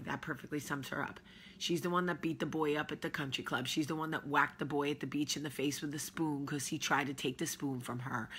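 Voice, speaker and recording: A woman's voice: deep voice, fairly even intonation, normal speed, slight background noise. A woman in her thirties hosting a casual morning chat, telling stories in a chatty, drawling way with sighs and the odd yawn. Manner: chatty, drawling, warm storytelling with sighs and yawns. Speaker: vlog host.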